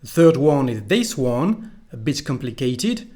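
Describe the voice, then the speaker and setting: A man with a French accent, a native French speaker, teaching a pronunciation lesson slowly and carefully, repeating each phrase for the learner. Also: medium pitch, very animated, mellow.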